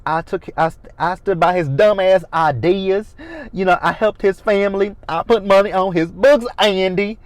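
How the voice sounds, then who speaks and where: A man's voice: normal speed, dry recording, natural voice. A man voicing a distraught woman who wails tearfully over her ex. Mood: wailing. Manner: high, wailing, tearful.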